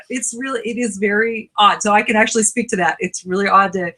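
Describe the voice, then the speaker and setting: A woman's voice: medium pitch, fairly even intonation, fast talker, few pauses, pushed and bright. A woman co-hosting a podcast, telling wry stories in casual chat with frequent laughs. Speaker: podcast co-host.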